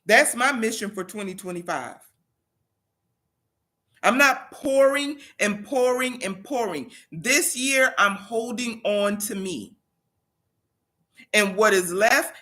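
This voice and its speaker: A woman giving a motivational talk to her livestream audience, with a bright, forceful tone. She leans on repetition and emphasis like a preacher, pressing her points home. Her pitch sits in an ordinary middle range. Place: home in South Carolina.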